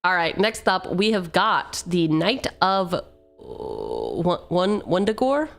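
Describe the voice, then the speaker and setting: A woman with a lowish voice chats slowly and easily on a live stream, wandering off on tangents and poking fun at herself. She reads card text aloud between asides, and faint music plays underneath. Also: huge pitch swings, creaky, a bit bright. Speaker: streamer opening card packs. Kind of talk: casual live-stream chat.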